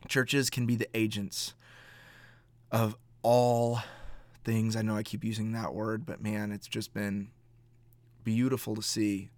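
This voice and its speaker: A man speaks in a low, fairly flat voice as he hosts his own faith podcast. He talks earnestly and haltingly, circling back and repeating words as he searches for them, in the unhurried way of a pastor thinking aloud. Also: creaky, no room sound. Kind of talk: reflective podcast monologue.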